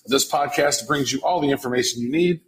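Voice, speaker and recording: A man's voice: medium pitch, fairly quick, a little hiss or hum, low-quality recording. A man co-hosting a casual podcast, teasing his partner and joking about himself. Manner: self-mocking, playful teasing. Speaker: podcast co-host.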